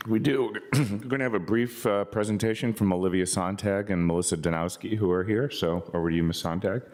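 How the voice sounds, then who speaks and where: Deep-voiced man handing off briefly. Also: fairly quick, hardly any pauses, a little mellow. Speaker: county manager. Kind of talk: meeting remarks.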